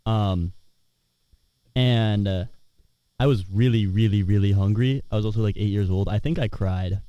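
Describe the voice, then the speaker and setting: A young man in his twenties, a student co-host, talking in a wry, hesitant way that often trails off quietly. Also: lowish voice, moderate pace, no room sound, lo-fi sound. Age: 20s. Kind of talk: casual chat.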